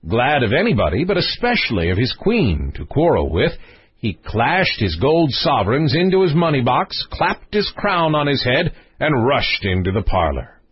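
A man's voice: mid-range voice, very animated, moderate pace, husky, no echo. A man reading a storybook aloud as an audiobook narrator, telling it expressively, on a dull lo-fi recording.

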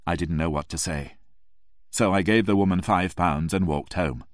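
A man narrating a story in the first person, in an expressive, emotional storybook reading. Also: low-pitched, normal speed, no room sound, clean studio sound.

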